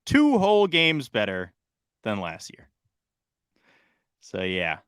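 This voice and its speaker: A young man co-hosting a casual sports podcast, excitable and swinging between loud bursts and quieter asides. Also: fairly low pitch, takes it slowly, smooth, dry recording, studio quality. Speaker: podcast co-host.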